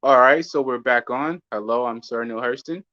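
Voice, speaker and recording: A man putting on the voice of a formal male TV newscaster, with a slow, measured announcer delivery over a video call. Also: mid-range voice, sharp tone, no echo, muffled recording, lightly acted. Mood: mock-formal.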